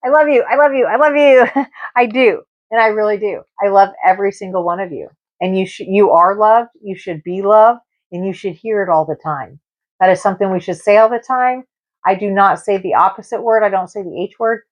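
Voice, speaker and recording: A woman's voice: mid-range voice, fairly quick, no room sound. A woman hosting a live-stream tarot reading, rambling and emotional, with many fillers and repeated words. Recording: dull lo-fi live-stream audio.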